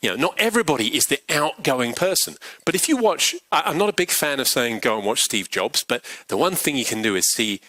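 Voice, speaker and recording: A man giving a pitch coaching workshop, animated and acting out example quotes. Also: dry recording, rough recording. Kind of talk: workshop talk. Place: large workshop venue.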